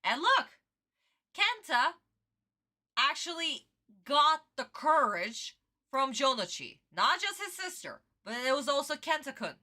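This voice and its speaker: A woman streamer gives casual reaction commentary on a livestream. Her voice is high and bright, and her pitch swings widely as she talks in an animated, exclamatory way. She takes her time and swears freely. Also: unhurried.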